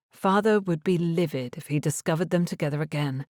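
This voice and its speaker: A woman reading a romance novel aloud as an audiobook narrator in a measured, even storytelling manner. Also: sits low, dry recording, clean studio sound. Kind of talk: scripted narration.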